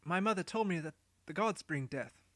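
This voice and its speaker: A man's voice: sits high, lively intonation, normal speed, fairly bright tone, no echo. A man doing a timid ten-year-old boy. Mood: curious. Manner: stammering, anxious questions. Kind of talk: storybook character voice.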